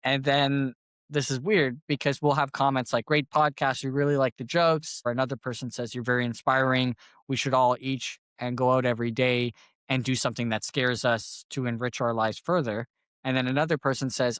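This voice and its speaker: A man of middle pitch, hosting a comedy podcast. He tells stories in a loose, casual way and often breaks into laughter. The sound is dry and close, with no room around it. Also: moderate pace, dry recording. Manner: animated storytelling, laughs often.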